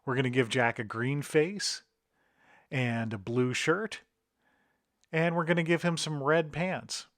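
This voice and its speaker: A middle-aged man talks through a drawing tutorial one step at a time, in an instructive tone. His voice sits a little higher than most men's, and the recording is dry and close. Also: slow pace, long pauses, fairly bright tone, no echo. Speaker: author and illustrator.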